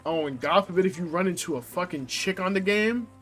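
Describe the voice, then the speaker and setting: A man's voice: high-pitched, fairly quick, a bit bright. Young man rambling over game music. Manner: rambling, profane, lots of "like" fillers. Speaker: gameplay streamer. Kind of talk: casual chat while playing.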